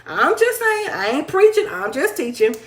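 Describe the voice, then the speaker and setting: A woman hosting a casual live talk show, reading viewer comments aloud, playful and animated, often laughing and teasing. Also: high voice, normal speed. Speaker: livestream talk show host. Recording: echoey room.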